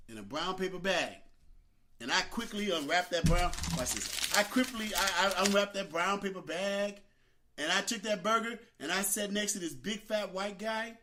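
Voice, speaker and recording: An older man hosting a talk show, telling a childhood story with dramatic, animated delivery. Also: high-pitched. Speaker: host.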